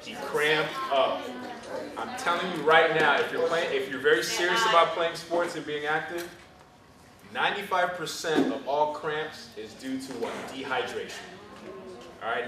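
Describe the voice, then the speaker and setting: A man's voice: medium pitch, bright, forceful tone, roomy sound, recorded from a distance, a little hiss or hum. A man speaking to children at a fitness camp about nutrition, coach-like and full of questions he answers himself. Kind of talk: energetic talk to children. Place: community center event with children.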